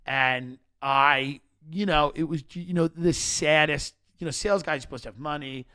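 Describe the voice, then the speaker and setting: A man holds court on a podcast, spinning comic stories with a bright, edgy voice that sits on the high side. He rants fast and slips into impressions of the people he describes, never letting the energy drop. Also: clear, resonant tone. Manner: animated, rapid-fire rants, acts out characters in quotes. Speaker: comedian podcast guest. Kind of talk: comedic storytelling in casual chat. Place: podcast studio.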